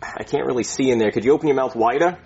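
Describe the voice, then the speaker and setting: A man's voice: medium pitch, rapid-fire, background noise, pitched below the performer's own voice, close to an everyday voice. A man voicing a blunt, crude Brooklyn guy who acts as a doctor, with a Brooklyn accent. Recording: dull lo-fi sound.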